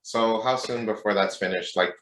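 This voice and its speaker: A man's voice: fairly low pitch, normal speed, fairly bright tone. A man co-hosting a casual podcast, telling stories animatedly and swearing freely. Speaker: podcast co-host. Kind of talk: casual chat, storytelling. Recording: echoey room.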